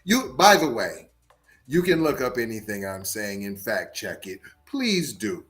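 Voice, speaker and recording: Guy w/ doing a live podcast rant, voice jumps all over, slow drawn-out talk, faint music under it. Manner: animated, repeats words, swings between loud outbursts and low asides. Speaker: podcast host. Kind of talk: live-stream commentary, reading chat.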